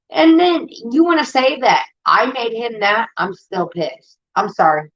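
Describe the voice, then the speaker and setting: A woman's voice: on the high side, sing-song, a little slow. A woman from Indiana hosting a livestream, ranting heatedly and swearing a lot in casual talk. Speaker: livestream host. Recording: dull lo-fi stream audio.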